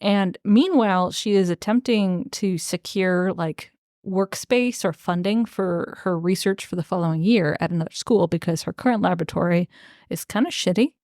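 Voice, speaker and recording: A young woman co-hosting a book podcast, relaxed, recapping the plot in casual chat with lots of "like". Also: fairly low pitch, moderate pace, no echo, clean studio sound. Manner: relaxed storyteller with many "like" fillers. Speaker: podcast co-host.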